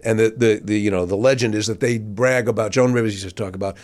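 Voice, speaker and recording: A man's voice: fairly low pitch, fast talker. A man, a guest comedian, telling a story in casual chat and acting out the voices he quotes. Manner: animated, acts out quoted voices.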